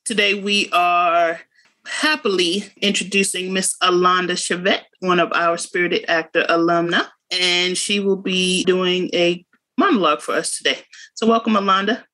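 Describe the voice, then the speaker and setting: Woman acting coach, bright voice, giggly intro. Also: on the low side, fairly even intonation, normal speed. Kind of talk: casual chat.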